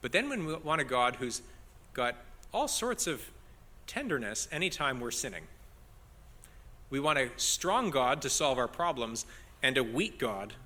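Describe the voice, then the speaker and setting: A man's voice: medium pitch, pushed and bright, in a large hall, slight background noise. A man preaching an expository sermon as pastor, earnest and building emphasis on key phrases.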